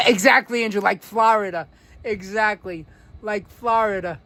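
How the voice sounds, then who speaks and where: A man's voice: sits high, sharp tone. A man with a New York accent hosting a live stream, reading viewer comments aloud and running a quiz in a chatty way, drawing out key words and using lots of fillers. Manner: chatty, drawn-out emphasis, frequent fillers. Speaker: livestream host.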